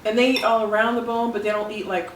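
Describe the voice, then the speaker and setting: A woman's voice: fairly high pitch, steady tone, fast talker, reverberant, far from the mic, slight background noise, rough recording. A woman hosting a casual lunch chat, exclaiming and giggling, who is recovering from a cough. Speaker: channel host. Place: home dining table.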